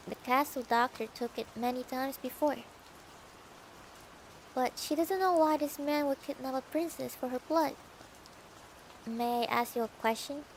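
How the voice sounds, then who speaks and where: A woman's voice: sits high, a little hiss or hum, rough recording. A young woman reading a novel aloud for her stream, playful and adding her own comments between passages. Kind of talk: casual storybook reading with asides.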